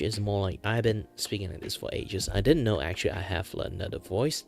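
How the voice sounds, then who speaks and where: A man from Malaysia, hosting a casual drawing stream in a deliberate low bass voice, relaxed and rambling. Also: gravelly, soft background music. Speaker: streamer host.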